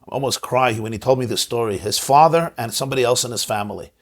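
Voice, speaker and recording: A man, a rabbi hosting a conversational discussion, who speaks emphatically and often repeats words while searching for them. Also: fast talker. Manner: swings between soft low asides and rising stressed words. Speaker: rabbi and host.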